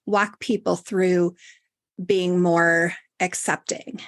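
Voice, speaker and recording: A woman's voice: fairly low pitch, little pitch movement, slow. A woman hosting a podcast interview, reflective and chatty, talking about acceptance with loose fillers. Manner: reflective, spiritual, uses fillers. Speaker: podcast host. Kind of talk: casual interview chat.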